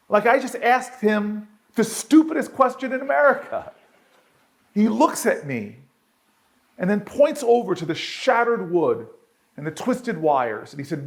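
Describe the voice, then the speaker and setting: A man's voice: on the high side, animated, normal speed. Man giving a rousing storytelling speech. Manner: builds to a loud climax and then drops quiet and solemn. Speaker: speaker at an archive celebration. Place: event hall with an audience.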